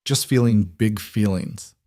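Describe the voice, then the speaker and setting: A man voicing a gentle, wry father, speaking in a soft, measured way. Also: lowish voice, dry recording, clean studio sound, close to an everyday voice. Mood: tender.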